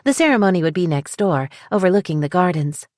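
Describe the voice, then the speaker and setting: A woman's voice: fairly low pitch, animated, fast talker, darkish tone, no echo, clean studio sound, voice pushed up, lightly acted. A woman voicing a petite, bubbly wedding planner with a southern drawl who is eager to please. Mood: cheerful. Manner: upbeat, chatty, eager to please.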